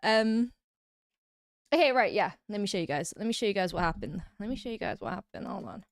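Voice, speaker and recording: Woman, English accent, livestream chat, rambling, lively pitch, dry close sound. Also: fairly quick, no echo. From England. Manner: chatty, giggly, rambling. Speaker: streamer.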